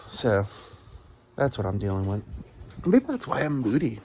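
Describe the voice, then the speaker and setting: A man's voice: fairly low pitch, animated, moderate pace, gravelly, long pauses, darkish tone, a little hiss or hum. A man in his thirties rambling through a crude, self-deprecating solo comedy monologue. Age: 30s.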